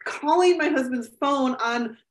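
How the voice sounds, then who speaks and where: A woman in her thirties, a podcast co-host, telling a story in casual chat with a rambling, animated delivery full of fillers. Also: high-pitched, measured pace. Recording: echoey room.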